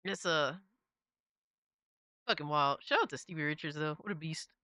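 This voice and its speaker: A man hosting a casual commentary show, swearing freely and reacting loudly. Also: on the high side, moderate pace, clear, resonant tone, dry recording, studio quality. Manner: profane, loud, exclamatory.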